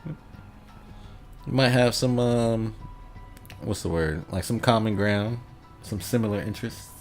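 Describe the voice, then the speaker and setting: A man's voice: on the low side, takes it slowly, soft background music. A man livestreaming a game, chatting casually with viewers, laid-back and rambling, often chuckling. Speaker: gaming livestreamer. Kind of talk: casual chat reading out viewer comments.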